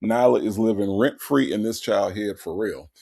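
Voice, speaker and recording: A man hosting a show, giving sarcastic, animated commentary on a clip. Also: on the low side, normal speed, gravelly. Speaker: host.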